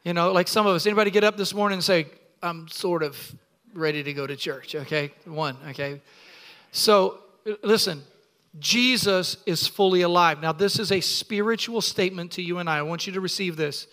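A man's voice: high-pitched, brisk, bright, forceful tone. A middle-aged male pastor preaching a sermon in a church, exuberant and playful, calling on the congregation to respond.

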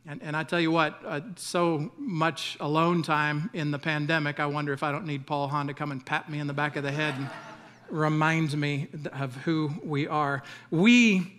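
A man's voice: fairly high pitch, steady tone, moderate pace, a bit bright. A middle-aged man preaching a sermon in a conversational style, mixing humor and asides with scripture. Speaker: pastor.

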